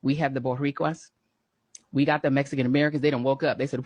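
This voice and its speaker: A woman's voice: sits low, lively intonation, quick pace, darkish tone, husky, no echo. A woman giving an impassioned political rant, emphatic and repetitive, with a mocking edge. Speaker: political commentator.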